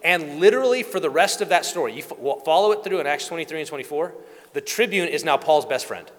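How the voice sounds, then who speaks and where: A man preaching a sermon, telling the story with animated asides and acted-out voices. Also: a little high, fast. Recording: long hall reverb.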